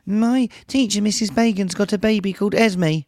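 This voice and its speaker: A man voicing a chatty little girl of five, with an eager, high, childish delivery. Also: moderate pace, darkish tone, no room sound, studio quality, lightly acted.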